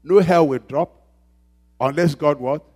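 A man's voice: fairly high pitch, unhurried, a little mellow. A man preaching a sermon as pastor, emphatic and repeating phrases, calling out questions for the congregation to answer. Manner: call-and-response questions to the congregation.

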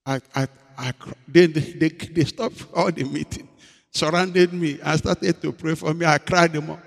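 A man, a pastor preaching a sermon in a dramatic storytelling way, moving between loud emphasis and hushed confession. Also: fairly high pitch, fairly even intonation, normal speed, creaky. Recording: long hall reverb.

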